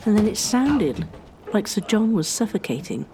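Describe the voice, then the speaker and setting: A woman narrating a historical story in a measured, scripted storytelling style. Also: mid-range voice, big pitch swings, noisy background.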